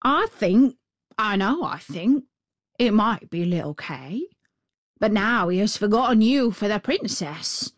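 A woman voicing a thoughtful, slow-spoken talking crow in a storybook reading, speaking in a deliberate way. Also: medium pitch, lively intonation, no room sound, studio quality.

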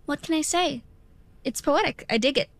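High eager schoolgirl, total teacher's pet, dry close mic. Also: dry recording. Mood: confident. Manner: quick, confident, know-it-all. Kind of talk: audio drama acting.

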